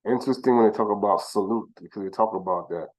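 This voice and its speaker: A man giving informal religious teaching who sounds out names slowly, corrects himself, and asks rhetorical questions. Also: on the low side, a little mellow, low-quality recording. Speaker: teacher of scripture.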